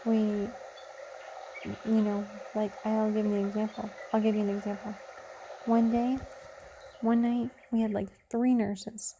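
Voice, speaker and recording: A woman's voice: mid-range voice, little pitch movement, unhurried, dark tone, muffled recording, a little hiss or hum. A young woman chatting tiredly and rambling through a late-night vlog as a mother. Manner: rambling, self-interrupting, chatty. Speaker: vlogger.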